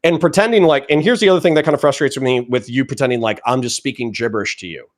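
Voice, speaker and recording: A man arguing as a guest in a heated political debate, forceful, combative and profane. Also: mid-range voice, quick pace.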